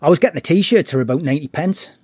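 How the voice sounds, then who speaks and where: A man's voice: fairly high pitch, lively intonation, fast talker, darkish tone, slightly rough, no room sound, clean studio sound. A middle-aged man telling stories in a casual interview, often restarting his words. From Newcastle, England. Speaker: podcast guest. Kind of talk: casual storytelling.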